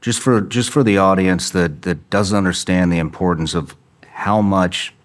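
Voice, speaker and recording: Deep-voiced male host, earnest and a bit halting as he asks questions. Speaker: podcast host. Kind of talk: interview introduction and questions.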